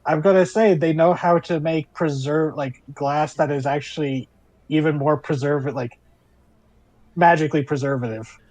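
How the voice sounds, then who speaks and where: A man's voice: a little high, steady tone, moderate pace, darkish tone, no room sound, low-quality recording. A man running a tabletop game as game master, narrating casually and improvising world details.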